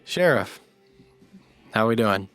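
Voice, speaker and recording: A man voicing a polite, hesitant male government agent who talks in halting phrases with many fillers. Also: lowish voice, animated, a bit bright, faint music behind.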